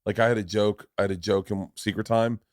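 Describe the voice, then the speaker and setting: Animated, swearing storyteller man. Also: fairly low pitch, brisk, no room sound, clean studio sound. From Tampa, Florida. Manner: animated storyteller, acts out voices and swears freely. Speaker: podcast host. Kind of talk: casual podcast chat.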